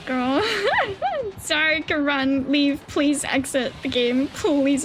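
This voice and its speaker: A woman streaming a game live, chatting with teammates in an excitable way, swearing and squealing. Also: sits high, slow pace, music in the background. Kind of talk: live gameplay chat with teammates.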